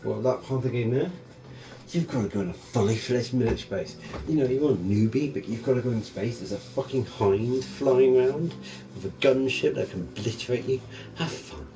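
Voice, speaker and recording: A young man chatting casually and profanely about video games, rambling and animated. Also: medium pitch, fairly quick, poor audio. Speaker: gaming channel streamer.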